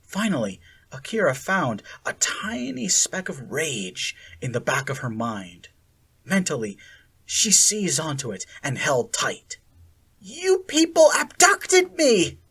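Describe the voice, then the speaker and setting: Slow, husky-voiced story narrator. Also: medium pitch, big pitch swings, sharp tone. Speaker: story reader. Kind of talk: fan fiction audiobook narration.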